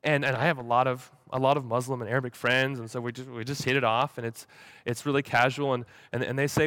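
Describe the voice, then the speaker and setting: A man's voice: mid-range voice, level tone, fairly bright tone, dry recording. Young guy telling a church story, keeps tripping over his words, dry close sound. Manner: halting, many repeated words; acts out quoted voices animatedly. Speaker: speaker at a church gathering. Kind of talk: storytelling talk.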